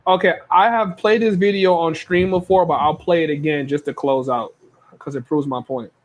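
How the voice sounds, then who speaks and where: A man's voice: on the high side, fairly even intonation, moderate pace, slight background noise, low-quality recording. A man hosting a stream and reacting to clips in casual commentary, blunt and profane, repeating himself and stumbling over his words.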